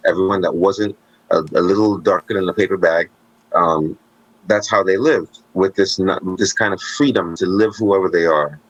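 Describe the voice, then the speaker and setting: A man co-hosting a podcast, telling stories in casual conversation with animated asides and jokes. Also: fairly low pitch, no echo, dull audio. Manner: animated storytelling, joking asides.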